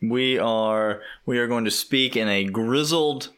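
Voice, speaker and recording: A man with a mid-pitched voice hosts a sports podcast in a casual chatting style. He sounds upbeat and playful and laughs often. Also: takes it slowly, fairly bright tone. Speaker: podcast host.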